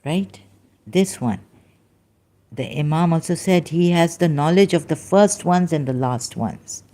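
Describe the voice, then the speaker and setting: A woman hosting her own channel, reading passages aloud in halting, self-correcting casual commentary. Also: low-pitched, animated, warm tone. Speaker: solo channel host.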